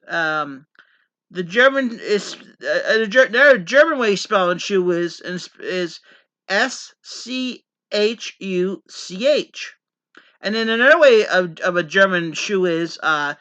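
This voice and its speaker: Vlogger, male, from Pennsylvania coal country: very sharp, bright tone, repetitive and earnest, lo-fi audio. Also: high-pitched. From Pennsylvania coal region, USA. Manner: rambling, repetitive, earnest, many false starts. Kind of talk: casual rambling monologue to camera.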